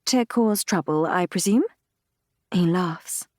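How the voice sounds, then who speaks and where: A woman narrating a fantasy romance audiobook in the first person, reading in a measured, intimate, unhurried way. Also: fairly low pitch, darkish tone, dry recording, studio quality. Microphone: close studio mic, dry.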